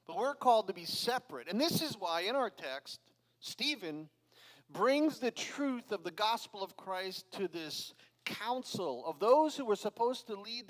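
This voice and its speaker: A man's voice: high voice, a bit bright. A middle-aged man pastor preaching a verse-by-verse sermon, earnest and emphatic, with conversational asides to his congregation. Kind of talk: expository sermon. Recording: long hall reverb.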